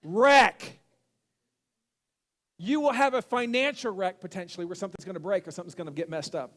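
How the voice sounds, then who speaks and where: A man's voice: sits high, very fast. A man in his thirties, a pastor, giving a casual, conversational sermon full of self-deprecating humor and storytelling. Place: church sanctuary.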